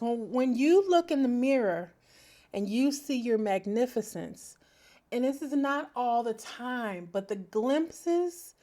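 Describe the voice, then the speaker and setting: A middle-aged woman hosting her own podcast, talking reflectively and expressively. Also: a little high. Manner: expressive, animated, breaks into laughter and sings snatches. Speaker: podcast host. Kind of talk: reflective solo podcast talk.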